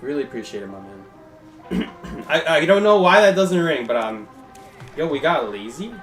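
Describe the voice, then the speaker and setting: A man's voice: on the high side, very animated, normal speed, fairly bright tone, faint music behind. A young man giving chatty, casual commentary while live-streaming a game and thanking his viewers.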